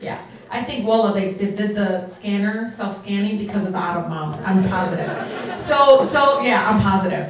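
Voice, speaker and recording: A woman whose first language is Arabic, speaking as a guest at a fundraiser in a large hall. She tells stories in an animated way and slips into Arabic now and then. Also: medium pitch, moderate pace. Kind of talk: storytelling speech at a fundraiser. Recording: echoey hall from far off.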